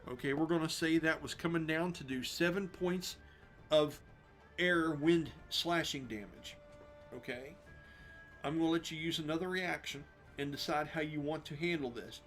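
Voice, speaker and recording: A game master leads his tabletop session with a bright, forceful voice pitched a little high. His narration is lively and descriptive, full of laughter, with faint music under it. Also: normal speed.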